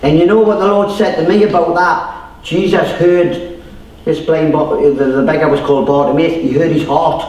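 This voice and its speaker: A man's voice: fairly high pitch, steady tone, normal speed, darkish tone. A man with a Geordie accent giving a chatty, informal testimony sermon, telling stories and acting out voices. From North East England. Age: 30s or older. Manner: chatty storytelling, acts out voices, many fillers. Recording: echoey room, distant mic.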